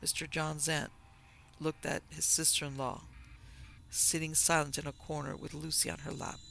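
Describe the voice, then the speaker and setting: Guy reading an old novel aloud, formal, bright and kinda gravelly. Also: a little high, level tone, normal speed, a little hiss or hum. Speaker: audiobook narrator. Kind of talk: scripted narration of a classic novel.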